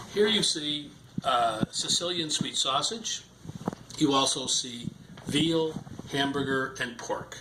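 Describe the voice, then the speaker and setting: A man's voice: mid-range voice, noisy background. An older man, a grandfather, giving a chatty, rambling home cooking demonstration in his kitchen. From Ireland. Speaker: home cook. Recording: echoey kitchen with sizzling pan.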